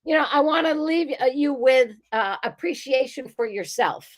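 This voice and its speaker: A woman's voice: high voice, animated, moderate pace. Older Boston woman, encouraging tone. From north of Boston. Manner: earnest, encouraging, emphatic. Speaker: guest. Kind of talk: motivational casual chat.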